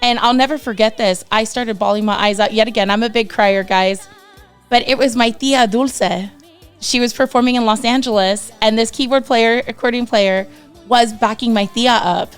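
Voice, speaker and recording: A woman in her thirties with a Texan accent sits as a guest on a podcast and tells her story with animated energy, switching into the voices of the people she quotes. Her voice sits a little high and comes through smooth and clear. Faint music plays quietly underneath. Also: moderate pace. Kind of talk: casual storytelling interview.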